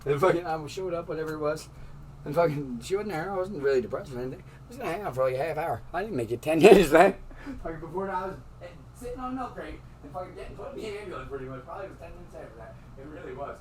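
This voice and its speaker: A man's voice: fairly high pitch, expressive, racing, darkish tone, far from the mic, rough recording. A man telling a rambling, profane story in casual talk, laughing often as he goes.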